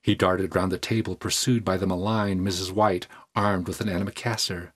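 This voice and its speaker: A man narrating a story aloud in a measured, even manner. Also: sits low. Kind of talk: audiobook reading.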